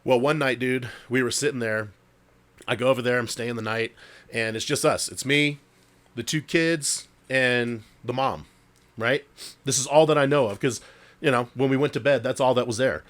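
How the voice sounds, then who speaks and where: A man co-hosting a podcast narrates a ghost story with easygoing swearing and frequent "dude"s. He speaks at normal speed with medium pitch, fairly even intonation, and a fairly bright tone.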